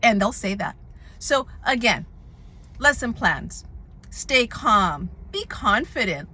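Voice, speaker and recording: This time her voice is a little high and husky, and she takes things slowly. The middle-aged woman, a substitute teacher, still offers animated, casual advice about the classroom and keeps asking "right?".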